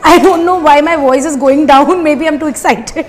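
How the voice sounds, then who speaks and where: A woman's voice: high-pitched, normal speed, faint music behind. A woman hosting a casual food vlog in a restaurant, explaining each dish with many fillers and asides. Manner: explains dishes with many fillers, switching to Hindi. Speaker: food vlogger host.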